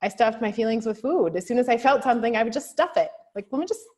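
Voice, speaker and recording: A woman co-hosting a casual talk show, with a slightly higher voice. She teases her co-host and laughs often. She turns thoughtful when she talks about her own experience. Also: quick pace, a little mellow. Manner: teasing, laughs often, reflective. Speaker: podcast co-host, nurse. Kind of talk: casual chat.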